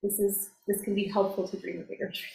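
A woman success coach talking in a casual, animated way, full of fillers and acted-out quotes. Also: mid-range voice, fast talker, gravelly. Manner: animated, filler-heavy, acts out quoted voices. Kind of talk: casual conversational interview. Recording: roomy echo, faint noise.

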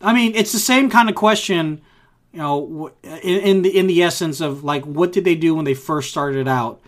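A man's voice: a little high, moderate pace. A man co-hosting a casual tech podcast, rambling with restarts and acting out his reactions. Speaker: podcast co-host.

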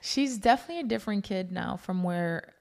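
A woman's voice: mid-range voice, expressive, fairly quick, vocal fry, darkish tone. Blunt, outspoken woman chatting. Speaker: podcast guest. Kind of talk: casual chat.

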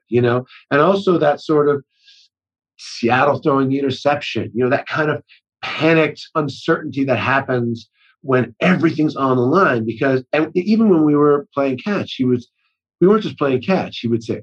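A man's voice: medium pitch, normal speed, muffled recording. A middle-aged man talking as a guest in a casual conversation, rambling and often restarting his sentences. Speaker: actor-director guest.

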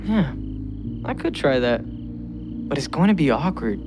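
A man's voice: a little high, very animated, measured pace, over music. A hesitant, thoughtful teenage boy. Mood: reflective. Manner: hesitant, reflective, wry. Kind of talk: scripted audio drama.

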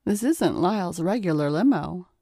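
A woman's voice: lowish voice, lively intonation, moderate pace, warm tone, husky, dry recording, clean studio sound. A woman reading the part of a friendly, sociable male financier in an erotic audiobook.

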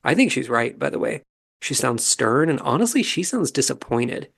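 A man hosting a podcast, giving a calm, measured, analytical commentary as he recaps a reality show episode. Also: medium pitch, vocal fry, husky. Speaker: podcast host.

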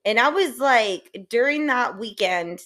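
A woman co-hosting a casual podcast chat, telling stories lively and acting out the voices of the people in them. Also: on the high side, unhurried. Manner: animated storyteller who acts out quoted voices. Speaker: co-host, biological mom.

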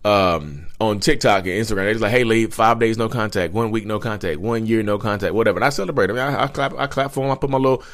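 Animated man giving casual advice, drawls y'all. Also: on the low side, quick pace, hardly any pauses. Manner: animated, repetitive, addresses viewers as y'all. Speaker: channel host. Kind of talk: casual direct-to-camera advice vlog.

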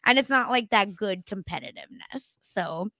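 A woman's voice: medium pitch, animated, moderate pace, gravelly, pushed and bright, no room sound. A young woman co-hosting a podcast, recapping a TV episode in casual chat with dramatic asides. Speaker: podcast co-host.

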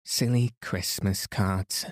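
A man's voice: low voice, steady tone, slow, dry recording, clean studio sound. A man voicing a cross, sulky young boy who grumbles in a bedtime storybook reading.

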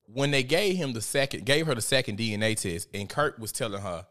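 A man's voice: mid-range voice, animated, fairly quick, hardly any pauses, fairly bright tone. A man giving casual, profane, gossipy commentary as host, often laughing.

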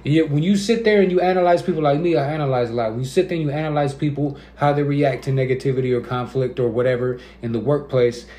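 A man's voice: mid-range voice, fast, hardly any pauses, echoey room. A man in his thirties, a podcast host, chatting casually and acting out the people in his stories. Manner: animated storyteller, acts out quotes. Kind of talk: casual chat.

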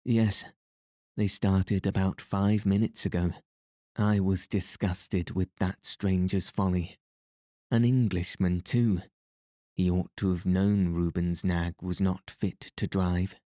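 A man reading the part of an elderly grimy trader who lisps and talks in a rasping, fawning way. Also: low voice, steady tone, slow pace, dark tone, no room sound, clean studio sound. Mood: wheedling. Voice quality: lisp. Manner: rasping, obsequious. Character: elderly grimy male trader, humble and wheedling.

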